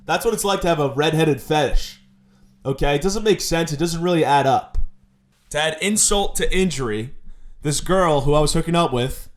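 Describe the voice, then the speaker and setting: Young male comic host, fairly high voice, mock-indignant rant delivery. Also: normal speed. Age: 20s. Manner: mock-indignant, exaggerated complaining. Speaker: comedy podcast host. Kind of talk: comedic rant monologue.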